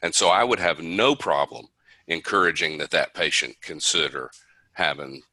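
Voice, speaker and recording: A man's voice: a bass voice, normal speed, bright, forceful tone, dry recording, poor audio. A man with a Southern US accent teaching an online session, explaining at length in a conversational way with restarts. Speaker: instructor.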